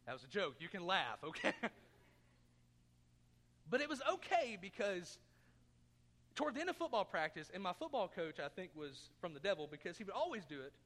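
A man's voice: a little high, bright, forceful tone, big-room sound. A man preaching a sermon as pastor, earnest, asking his congregation questions and throwing in jokes. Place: church sanctuary.

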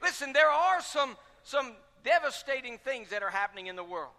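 A man's voice: very high-pitched, sing-song, moderate pace, bright, forceful tone. A man pastor preaching a sermon with fervent, repetitive rhetorical questions. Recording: long reverb of a large hall.

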